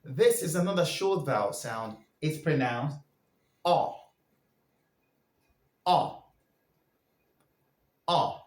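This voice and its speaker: Guy teaching vowel sounds real slow, kinda high voice, echoey room. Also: expressive. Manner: drills sounds for listeners to repeat. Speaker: pronunciation teacher. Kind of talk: slow pronunciation lesson.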